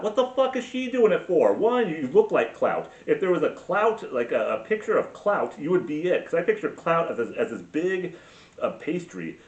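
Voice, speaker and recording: Profane ranting man with lively pitch. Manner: profane, sarcastic, heavy filler words. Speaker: podcast host. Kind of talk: crude ranting commentary. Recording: roomy, distant, dull sound.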